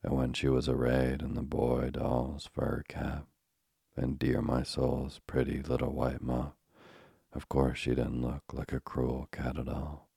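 Little mauve mouse, female, earnest and dramatic, man reading, very husky, flat delivery. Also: very deep voice, a little slow, no room sound, studio quality, heavily acted.

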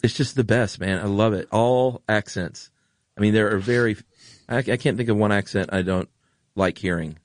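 A middle-aged man with a General American accent co-hosts a podcast, gushing enthusiastically in casual chat. His fairly low voice moves at a moderate pace, with no echo in the recording.

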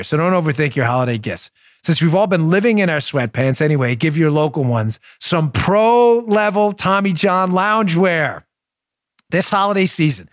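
A middle-aged man hosts a political podcast, moving emphatically and jokingly through commentary and sponsor reads, riffing and doing mock voices. His voice is a little high, and the recording is dry and studio quality.

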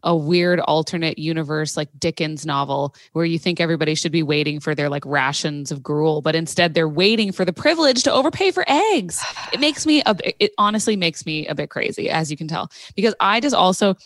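Woman co-host, fairly low voice, dry sound, comic ranter. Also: lively intonation, fairly quick, few pauses, no room sound. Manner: ranting, mimics people in exaggerated voices. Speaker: podcast co-host. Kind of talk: casual chat.

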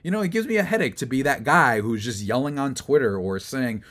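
A young man hosting a solo sports recap, rambling and exasperated, building to loud outbursts. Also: mid-range voice, animated, brisk. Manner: rambling with fillers and restarts. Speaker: sports podcast host.

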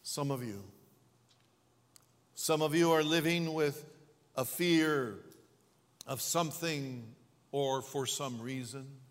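A man preaching a sermon as pastor, speaking slowly and deliberately with dramatic pauses and swells. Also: medium pitch, big-room sound.

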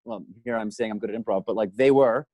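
A man guest on a podcast, telling a story in a self-deprecating way, swearing freely and getting animated as he goes. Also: fairly low pitch, fast talker, dry recording, poor audio. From Canada. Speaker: guest actor.

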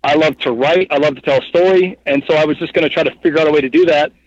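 A man in his thirties rambles through a story as an interview guest, packing his talk with fillers and tangents. His voice sits a touch high for a man. The sound is dry and a little dull. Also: rapid-fire, no echo. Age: 30s. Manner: rambling, animated, heavy with fillers like "like" and "you know what I mean". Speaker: guest, hunting guide and cameraman.

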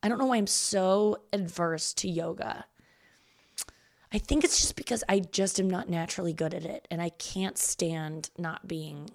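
A woman comedian and show host talking in a casual, rambling solo monologue, self-deprecating and swearing freely. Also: on the low side.

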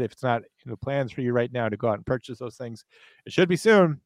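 Expressive and quick, his medium-pitched voice carries a co-host's playful, overblown ad spots on a podcast. The mood is casual and teasing, and there's no room sound.

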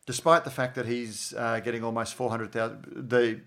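A man's voice: medium pitch, normal speed. A man with an Australian accent, a journalist co-hosting a podcast, chatting casually and acting out quoted conversations. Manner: animated storytelling, acts out quoted dialogue.

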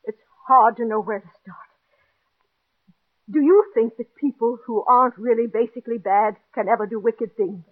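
An actress playing a neurotic, jealous middle-aged wife who pleads in an overwrought, breathless way, acted in 1940s radio-drama style. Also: female voice, fairly high pitch, moderate pace, lightly acted. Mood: anxious. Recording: tinny old radio broadcast.

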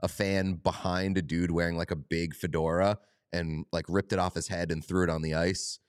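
A man's voice: sits low, little pitch movement, moderate pace, smooth, dry recording, studio quality. A man co-hosting a podcast, joking loosely in casual hockey chat and swearing freely. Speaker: podcast co-host.

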